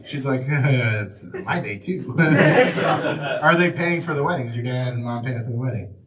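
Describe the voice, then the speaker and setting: A male comedian doing laid-back crowd work, chuckling, halting over fillers. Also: medium pitch, steady tone, far from the mic. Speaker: comedian and host. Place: comedy club stage. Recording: roomy club sound from afar, crowd. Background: audience laughter.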